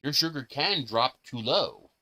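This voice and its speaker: Lively, bright-voiced man telling stories. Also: mid-range voice, measured pace. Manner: laughs often, profane, gleeful storyteller. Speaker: live stream host. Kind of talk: casual storytelling chat.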